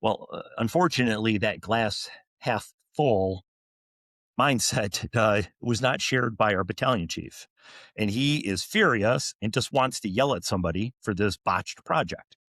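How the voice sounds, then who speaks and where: Earnest low-voiced firefighter in his forties. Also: a little slow, a bit bright, no echo, studio quality. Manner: earnest, frequent restarts and fillers. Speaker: firefighter officer guest. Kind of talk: storytelling interview answers.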